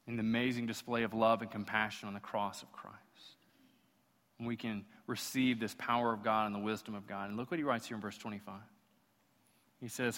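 A man's voice: on the low side, a bit bright. A man preaching an impassioned sermon as pastor, building through rhetorical repetition. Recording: long hall reverb.

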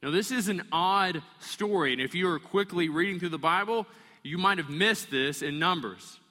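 A man preaching a sermon, animated and storytelling, acting out the voices of the people in the story. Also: sits high, moderate pace, long reverb tail. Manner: animated, acts out voices of complaining people and kids. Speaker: pastor.

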